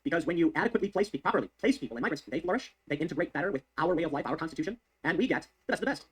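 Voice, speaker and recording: A man's voice: fairly high pitch, lively intonation, racing, slightly rough. A man delivering heated, sarcastic political commentary on the news, repeating his points for emphasis. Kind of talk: fast ranting news commentary.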